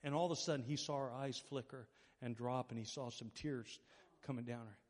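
Speaking in a mid-range voice at a slightly fast clip, a pastor preaches in what sounds like a big room. His storytelling is lively, and he imitates the voices of the people he describes.

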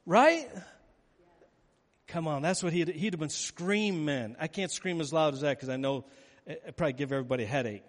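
A man preaching a sermon with animated storytelling, acting out the scenes he describes. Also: a little high, fast talker. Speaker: pastor. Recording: echoey hall with long reverb.

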